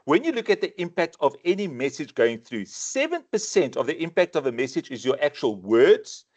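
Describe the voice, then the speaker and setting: South african guy running a sales webinar, kinda high voice, really animated, says and and and a lot. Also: fairly quick, muffled recording. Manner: animated, repeats words when starting sentences. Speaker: sales trainer. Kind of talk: webinar presentation.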